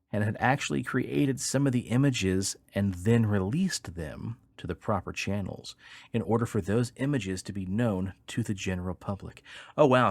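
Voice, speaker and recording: A male podcast host recounts his findings in a steady, measured storytelling manner. His voice is fairly low, recorded dry and close with no room sound. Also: no room sound. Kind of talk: narrating research.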